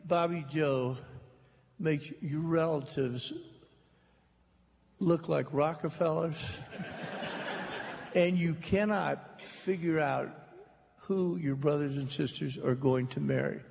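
An older man telling stories slowly and jokingly to a live audience in a hall. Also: fairly high pitch, fairly even intonation, gravelly, darkish tone. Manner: slow, drawling, joking storyteller. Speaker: author on a talk stage. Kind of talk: storytelling at a public talk. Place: large hall before an audience. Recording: reverberant hall with faint noise.

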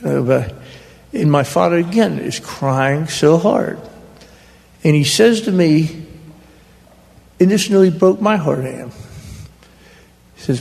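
A man telling stories to a live audience in a folksy, halting way, an author in conversation on stage. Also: on the high side, lively intonation, gravelly, darkish tone. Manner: folksy, halting, restarts mid-phrase. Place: large hall before an audience. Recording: long hall reverb.

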